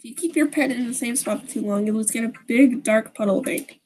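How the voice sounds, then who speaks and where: Bubbly teen club president girl, high and chipper, woman reading her. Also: fast talker, darkish tone, slight background noise, close to an everyday voice, rough recording. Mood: cheerful.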